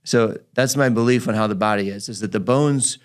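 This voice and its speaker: Low-voiced man telling a clinic story. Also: a little fast, smooth. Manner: animated storyteller, acts out his patient's lines. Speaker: physical therapist podcast host. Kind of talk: casual storytelling chat.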